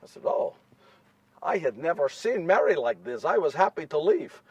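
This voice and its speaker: A high-pitched, earnest young Joseph, played by a man in a stage monologue, telling his tale wryly with repeated phrases. The sound is dry and picked up from some distance. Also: big pitch swings, moderate pace, husky, no echo, dull audio, exaggerated voice. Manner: repetitive, wry storytelling with self-corrections. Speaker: solo stage performer. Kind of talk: first-person dramatic monologue. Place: live stage before an audience.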